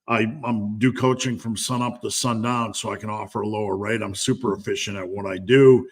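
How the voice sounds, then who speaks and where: A man's voice: lowish voice, a bit bright. A man hosting a live stream Q&A as a strength coach, talking candidly and bluntly with lots of fillers.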